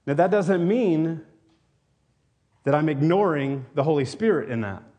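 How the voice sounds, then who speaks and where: Earnest Tennessee-raised pastor preaching. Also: male voice, a little high, lively intonation, unhurried, dark tone. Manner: earnest, rambling with many restarts and fillers. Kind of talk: sermon. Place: church.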